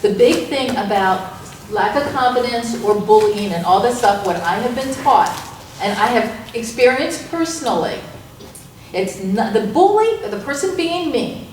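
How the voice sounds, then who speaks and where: A woman's voice: on the high side, a little hiss or hum. A woman leading a parent information night, talking earnestly and rambling with restarts. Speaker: program leader. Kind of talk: presentation to parents. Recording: echoey room from far off.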